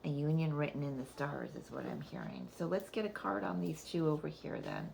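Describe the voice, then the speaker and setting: Low-voiced woman giving a rambling card reading. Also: expressive, brisk, creaky, a little mellow, slight background noise. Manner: rambling, thinks aloud, laughs often. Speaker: oracle card reader. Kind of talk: casual spiritual card reading.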